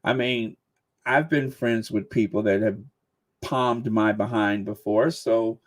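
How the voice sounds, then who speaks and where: A man's voice: on the low side, steady tone, slow pace. A man in his sixties, hosting a livestream with casual, joking commentary. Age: 60s. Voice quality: chatty, joking, frequent laughs. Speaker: channel host.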